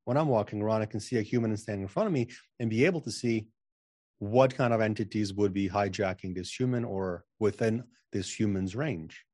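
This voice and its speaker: A man's voice: on the low side, fairly quick, dark tone, no echo, studio quality. A man talking as a guest in a casual interview, self-assured and emphatic, often repeating words as he starts a sentence. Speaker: podcast guest, channeling coach.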